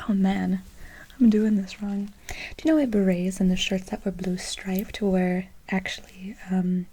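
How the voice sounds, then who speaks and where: A woman in a whispered role-play as a French tutor. She talks to the listener softly and encouragingly in a chatty way, close to the microphone. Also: mid-range voice, a little hiss or hum.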